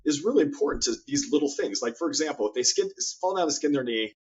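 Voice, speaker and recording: A man's voice: fairly high pitch, expressive, fast talker, a little mellow, slightly rough, highs cut off. A man, a guest author in an interview conversation, telling stories earnestly and often repeating his words as he goes.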